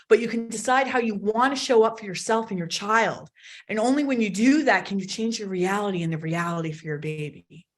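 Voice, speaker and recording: A woman coaching parents in a live online workshop, talking bluntly and emphatically and swearing freely. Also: medium pitch. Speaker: autism potty training coach.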